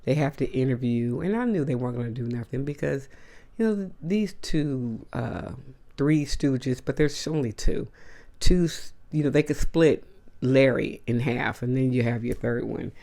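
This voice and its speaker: A woman's voice: a bass voice, moderate pace, creaky, mellow. A woman hosting a casual monologue to camera, blunt and emphatic, with slangy asides. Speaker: host.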